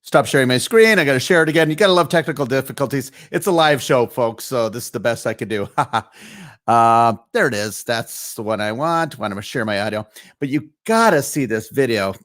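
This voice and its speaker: Brisk and animated, with a slightly bright medium-pitched voice, this live-stream host chats casually about whatever comes up. He rambles, packing his talk with fillers and false starts.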